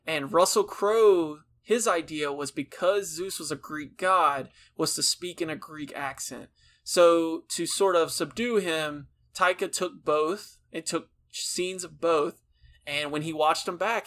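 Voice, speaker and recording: A woman's voice: low voice, measured pace, fairly bright tone. A woman co-hosting a podcast, chatting casually about a film with lots of filler words. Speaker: podcast co-host.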